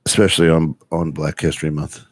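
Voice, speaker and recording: A man's voice: a bass voice, little pitch movement, brisk, no echo. A man co-hosting a casual food chat show, joking and chuckling with his partner. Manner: jokey, chuckling banter. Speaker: co-host.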